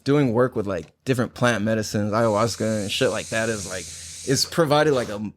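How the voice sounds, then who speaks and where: On the low side and at a moderate pace, this young podcast host's voice comes with slight background noise. His casual chat is full of swearing and lively stories stuffed with "like"s and other fillers.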